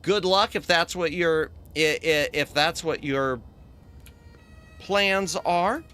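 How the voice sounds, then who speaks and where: Brief: bright, slightly high male VTuber, casual game commentary, chatty. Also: slow, clean tone. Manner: chatty, thinks aloud, thanks chat often. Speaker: VTuber streamer.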